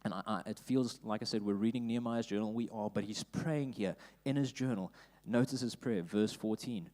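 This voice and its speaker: South african guy preaching in church, reads scripture, gets loud and lively to drive points home. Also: lowish voice, moderate pace, few pauses. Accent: South African English. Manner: animated preaching, rising loud for emphasis, reads scripture aloud. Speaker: pastor. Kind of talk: sermon. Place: church auditorium.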